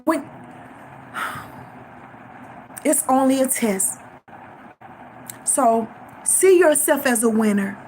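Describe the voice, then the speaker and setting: Fervent high-voiced woman preaching her testimony. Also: lively intonation, drawn-out words, pauses often, a little mellow, slight background noise. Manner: fervent, repeats phrases for emphasis. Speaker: faith testimony vlogger.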